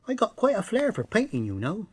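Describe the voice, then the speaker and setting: A man's voice: high-pitched, huge pitch swings, a little fast, slightly rough, no echo, pitched above the performer's own voice, exaggerated voice. A man voicing a pompous older man with a West Country accent, grandiose and flowery in his talk. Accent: West Country English.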